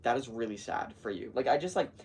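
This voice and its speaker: A man's voice: mid-range voice, fast talker. Rambling teen guy vlogging from afar. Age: teens. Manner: rambling, heavy use of "like", animated retelling. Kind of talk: casual chatty vlog. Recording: distant mic with faint background noise.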